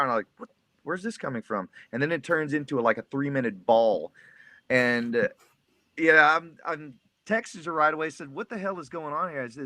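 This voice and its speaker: A man's voice: medium pitch, pushed and bright, no room sound. A man in his forties with a Texas accent, talking candidly and joking in a casual group chat. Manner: candid, joking, restarts often.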